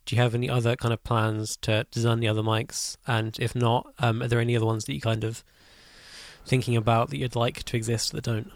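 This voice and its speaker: A man's voice: medium pitch, little pitch movement, fairly quick, no room sound, clean studio sound. A man interviewing a guest, asking questions casually and hedging with "kind of".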